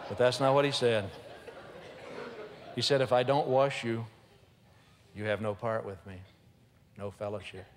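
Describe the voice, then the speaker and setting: A man's voice: medium pitch, unhurried, long pauses, long reverb tail, noisy background. A man preaching a humorous storytelling sermon, acting out the voices of the people in his story. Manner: animated, humorous, acts out voices. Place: church.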